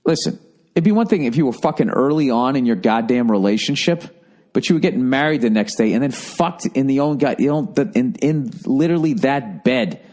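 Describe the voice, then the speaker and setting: Brief: middle-aged male podcast host at a mid-range pitch, with a blunt, sarcastic, foul-mouthed ranting delivery. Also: animated, fairly quick, a little mellow. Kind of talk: casual advice rant.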